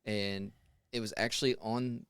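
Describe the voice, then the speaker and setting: Man, forties, smooth resonant voice, laid-back storytelling, swears casually, dry close sound. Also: fairly low pitch, steady tone, measured pace, fairly bright tone, no room sound. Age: 40s. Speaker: podcast co-host.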